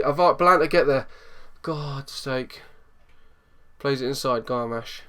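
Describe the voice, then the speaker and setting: A man giving excitable live commentary over a football management game, swinging from low muttering to loud outbursts. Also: a little slow. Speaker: gaming YouTuber.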